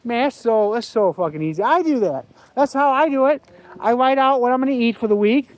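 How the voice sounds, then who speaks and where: Blunt high-voiced man rambling outdoors. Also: lively intonation, fairly quick, dry recording. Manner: blunt, profane, rambling with restarts. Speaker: vlogger. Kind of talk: casual rambling vlog talk. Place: outdoors at a windy park, walking a dog. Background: wind and faint outdoor noise.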